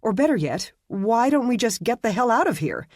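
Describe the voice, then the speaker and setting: A man's voice: extremely high pitch, sing-song, normal speed, darkish tone, no room sound, clean studio sound, voice pushed up, exaggerated voice. A man voicing a frightened, stubborn young psychic woman in an urgent, insistent way. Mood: defiant.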